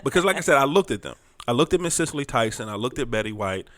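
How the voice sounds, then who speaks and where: A middle-aged man co-hosts a relaxed podcast conversation, joking and playful. His pitch moves a lot as he talks. The sound is dry and close, with no room behind him. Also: fast, dry recording. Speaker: podcast co-host. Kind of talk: casual chat.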